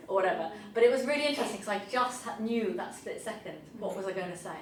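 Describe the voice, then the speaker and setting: A woman from southern England shares a lively teaching anecdote in a group discussion and acts out her own thoughts as she tells it. She is picked up from across the room, so her voice sounds distant and echoey, with a faint ambience behind it. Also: mid-range voice, fast, few pauses, a little hiss or hum. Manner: lively, animated storytelling with quoted inner thoughts. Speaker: session attendee and teacher.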